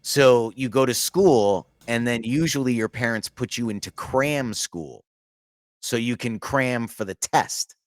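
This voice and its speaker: A man's voice: mid-range voice, measured pace, no echo. A middle-aged man hosting a podcast, telling a long story in casual chat, with frequent restarts and laughter. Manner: rambling, restarts often, laughs through the story. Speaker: podcast host.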